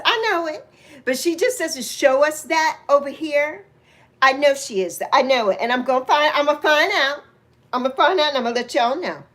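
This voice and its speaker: Woman in her 60s, New York accent, high voice, chatty livestream host who teases viewers. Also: fairly bright tone. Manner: chatty, teasing, laughs often. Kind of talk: casual livestream chat to viewers.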